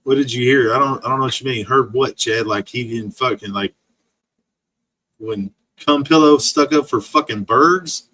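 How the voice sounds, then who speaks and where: A man's voice: mid-range voice, normal speed, sharp tone. A man streaming an angry, profane rant full of insults. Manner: profane, insult-laden ranting.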